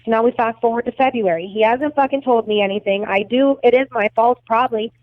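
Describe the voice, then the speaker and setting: A woman's voice: a little high, quick pace, no echo. A young adult woman recounting events as a podcast guest, blunt and agitated, swearing heavily. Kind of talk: emotional storytelling interview. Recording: tinny phone-like line, dry.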